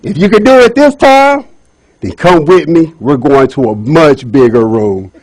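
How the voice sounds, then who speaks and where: A man's voice: a little high, expressive, measured pace, darkish tone, voice pushed down, rough recording. Guy doing a bossy king voice, greedy, barks orders. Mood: commanding. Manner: bossy, commanding. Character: demanding greedy king, threatening. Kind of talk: storytelling speech.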